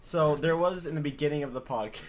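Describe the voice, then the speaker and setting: A man's voice: on the high side, fast, noisy background. A man hosting a casual podcast with friends, trying to steer the talk and swearing freely. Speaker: podcast host. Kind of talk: casual chat among friends.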